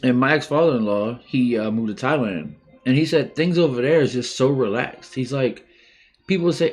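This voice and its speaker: A man in his forties from the United States, hosting a live stream and speaking openly and emotionally about his own life, with many pauses and restarts. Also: medium pitch, darkish tone, faint music behind. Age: 40s. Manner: halting and heartfelt, many restarts. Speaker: livestream host. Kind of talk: emotional personal talk.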